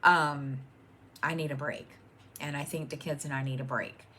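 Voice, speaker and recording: A woman's voice: deep voice, steady tone, moderate pace, bright, forceful tone, a little hiss or hum. A middle-aged woman chatting casually at home as host of her own stitching channel, rambling with many ums and restarts. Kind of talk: casual chat to camera.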